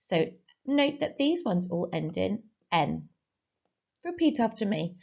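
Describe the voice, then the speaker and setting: A woman teaching a recorded Spanish lesson, giving clear explanations and slowly modelling phrases for pupils to repeat. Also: mid-range voice, big pitch swings, darkish tone, lo-fi sound. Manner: slow, clearly modelled pronunciation for repetition. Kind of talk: recorded online language lesson.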